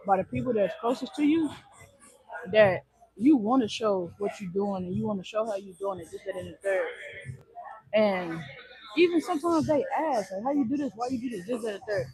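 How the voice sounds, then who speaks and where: A man's voice: sits high, a little mellow, breathy edge, poor audio. A man hosting a livestream, chatting casually in a rambling way and repeating his phrases. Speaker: livestream host.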